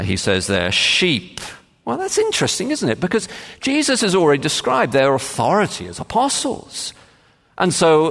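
A man preaching a sermon as pastor, measured and emphatic, with frequent pauses and "uh" fillers. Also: medium pitch, gravelly, a bit bright. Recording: long reverb of a large hall.

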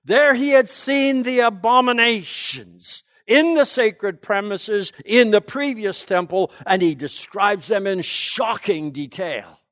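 Male Bible lecturer with a high voice, emphatic classroom delivery and rhetorical questions, in a dry room. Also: slow pace, hardly any pauses, fairly bright tone, no room sound. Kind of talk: teaching lecture.

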